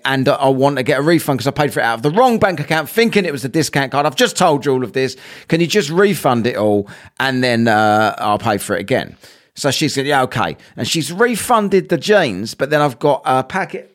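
Animated sweary man ranting. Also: mid-range voice. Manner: animated, sweary, acts out both sides of a quarrel. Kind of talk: ranting storytelling monologue.

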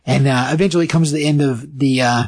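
Husky-voiced man recapping a comic. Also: medium pitch, no echo. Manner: animated, acts out comic dialogue in quick voices. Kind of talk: casual chat recapping a comic.

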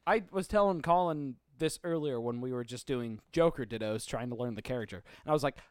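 A man's voice: mid-range voice, fairly quick, slight background noise. A man co-hosting a podcast, chatting casually about a fighting game in short, easygoing replies. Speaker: podcast co-host. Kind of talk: casual gaming chat.

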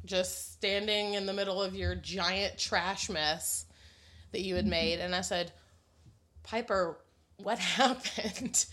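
A woman's voice: medium pitch, fairly bright tone. Mom co-host in her thirties; blunt, giggly storyteller with a potty mouth. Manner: laughing, blunt, swears freely. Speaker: podcast co-host, mother. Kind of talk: casual storytelling chat.

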